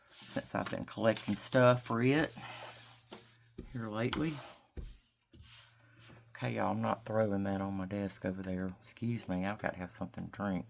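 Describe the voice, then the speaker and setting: Slow, gravelly-voiced Southern woman. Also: very deep voice, slight background noise. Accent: Southern US, Mississippi. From Mississippi, US South. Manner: chatty, thinking aloud while working, drawn-out words. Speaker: craft vlogger. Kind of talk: casual crafting chat to camera. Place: home craft desk.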